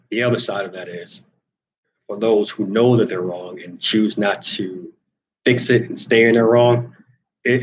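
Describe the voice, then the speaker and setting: A man with a lowish voice hosts a solo talk monologue in a rough recording. He's wry and rambling, repeating words as he thinks, and turns emphatic when arguing a point.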